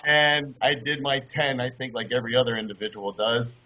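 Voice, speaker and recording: A man being interviewed, telling a story in an animated way and acting out the people in it. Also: mid-range voice, a little fast, slight background noise. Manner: animated, acts out quoted voices. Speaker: guest, former kayaker. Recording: dull lo-fi audio.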